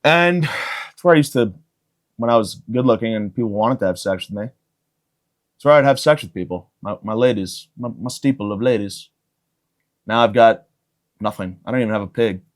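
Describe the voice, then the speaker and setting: A man's voice: on the low side, lively intonation, normal speed, long pauses. A young man hosting a podcast, rambling through a crude comedic monologue with jokey asides and bursts of mock outrage. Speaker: podcast host.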